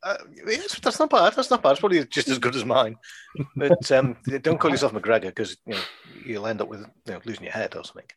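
A man's voice: medium pitch, expressive, fairly quick, husky, dry recording. A British man hosting a podcast in casual chat, rambling and joking and laughing often. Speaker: podcast host.

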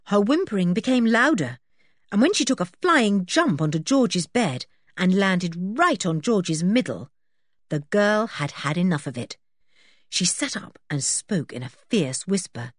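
A woman's voice: on the low side, sing-song, a little slow, no echo, studio quality. A woman narrating a children's storybook expressively and switching into voices for the characters. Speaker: audiobook reader.

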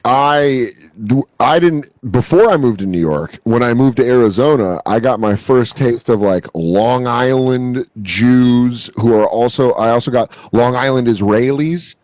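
A man's voice: medium pitch, unhurried, no echo, poor audio. A man telling stories in casual podcast chat, acting out other people's voices and swearing freely. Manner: animated storyteller, acts out voices, swears freely. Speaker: podcast host.

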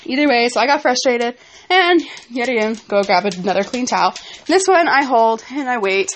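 A woman's voice: on the high side, expressive, moderate pace, slight background noise. A young woman venting in a rambling personal vlog about a fight at home, speaking with frustration. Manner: frustrated rambling storytelling with asides to her kids. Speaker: vlogger.

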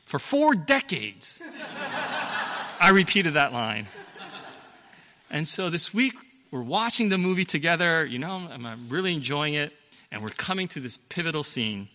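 Middle-aged male pastor, conversational sermon delivery, bright tone, church hall with a long echo. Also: on the high side, big pitch swings, a little slow, pauses often. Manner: conversational, explanatory, with fillers and self-corrections.

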